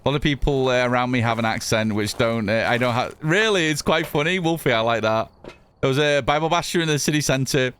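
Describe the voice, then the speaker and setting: A man's voice: mid-range voice, fairly quick, a bit bright, slight background noise. A man from the north of England with a mixed northern English accent, chatting casually with viewers while narrating his gameplay. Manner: chatty, reads chat aloud, swears casually. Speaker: streamer.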